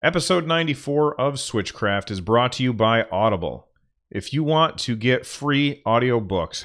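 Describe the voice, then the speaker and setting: A man hosting a podcast, reading sponsor spots casually and muttering to himself when the recording software fails. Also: lowish voice. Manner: offhand, restarts and mutters at tech trouble. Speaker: podcast host.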